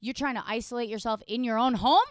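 A woman's voice: on the high side, quick pace, dry recording, clean studio sound. Wry young woman on a podcast. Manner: wry, deadpan storytelling. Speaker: podcast co-host. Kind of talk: casual comedic chat.

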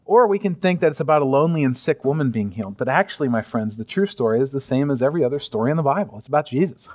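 A man in his thirties preaching a sermon in a conversational way, often chuckling and sometimes dropping to a soft near-whisper. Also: mid-range voice, lively intonation, very fast. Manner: chuckles often while speaking. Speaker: pastor.

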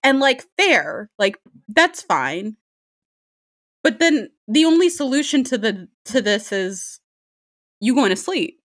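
A young woman with a bright, forceful voice tells a story straight to the listener. She is animated and swears freely, and her laughter keeps breaking through the telling. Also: a little high, takes it slowly, pauses often. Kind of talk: casual storytime monologue.

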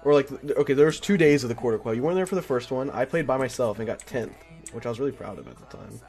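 A young man streaming a game, chatting casually with a friend in a rambling way, full of fillers and quick laughs. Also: medium pitch, darkish tone, faint music behind. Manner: rambling, filler-heavy, giggly. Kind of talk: casual chat while gaming.

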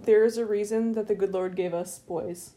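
A middle-aged woman co-hosting a podcast, chatting casually and telling stories with lively acted-out voices. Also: medium pitch, normal speed. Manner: animated storytelling, acts out voices. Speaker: podcast co-host. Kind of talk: casual chat.

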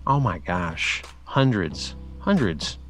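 A man's voice: sits low, takes it slowly, soft background music. A man co-hosting a live-streamed talk show, chatting casually, laughing and acting out quotes as he tells stories. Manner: animated, laughing storyteller who acts out quotes. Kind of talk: casual chat.

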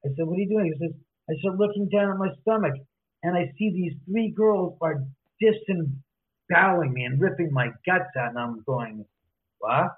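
A man, a guest author, retelling a story in lively detail and acting out both sides of each conversation. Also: high voice, normal speed. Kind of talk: animated storytelling in an interview. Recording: tinny phone line.

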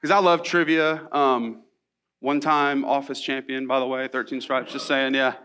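A man's voice: mid-range voice, fairly even intonation, normal speed, bright, forceful tone, clear, resonant tone. A young man preaching a sermon in a casual, storytelling way, with asides and rhetorical questions. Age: young adult. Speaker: pastor.

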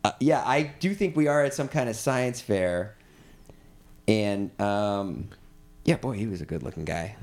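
A man with a lowish voice chats casually as a guest, telling anecdotes with plenty of restarts and fillers. He laughs between his lines. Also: vocal fry, a little mellow. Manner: storytelling, halting, laughs often. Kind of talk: casual chat.

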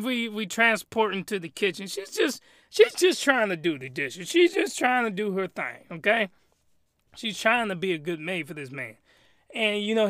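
A man's voice: sits high, sharp tone, dry recording, clean studio sound. A man giving a crude, rambling and exasperated comedic recap of an anime. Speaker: anime reviewer.

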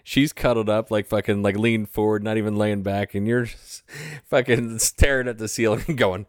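A man in casual chat with a friend, laughing often and bantering in a relaxed way. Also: lowish voice, normal speed, no room sound, clean studio sound.

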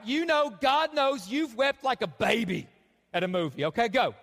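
A man in his thirties preaching a sermon to a church congregation, animated and joking with the crowd between scripture readings. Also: very high voice, normal speed. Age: 30s. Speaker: pastor. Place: church sanctuary. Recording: long hall reverb.

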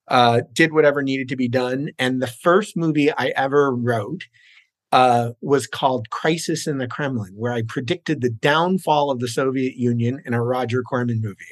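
A man's voice: mid-range voice, steady tone, normal speed, no room sound. A middle-aged man from New Jersey, a screenwriter guest, talking in a genial, self-deprecating way with frequent fillers. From New York, raised in New Jersey. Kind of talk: casual interview.

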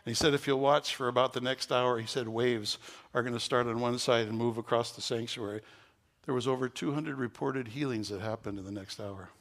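A man's voice: mid-range voice, a little fast. A man preaching as a pastor, telling a story to his congregation and leading prayer. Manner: storytelling, growing loud and excited at the climax. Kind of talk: sermon.

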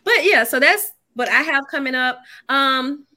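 A woman's voice: high-pitched, expressive, measured pace, pushed and bright. A woman co-hosting a podcast, sharing announcements in casual chat while thinking aloud with fillers. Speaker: podcast co-host.

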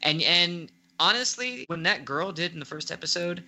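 A woman in casual chat reviewing an anime, exasperated and animated, breaking into loud outcries. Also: on the low side, normal speed.

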